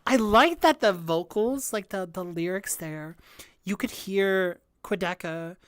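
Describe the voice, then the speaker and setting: A woman's voice: mid-range voice, unhurried, no echo. Gushing young woman streamer, dry sound. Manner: excitable, gushing, heavy use of filler "like". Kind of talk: live music reaction stream. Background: faint album music playing.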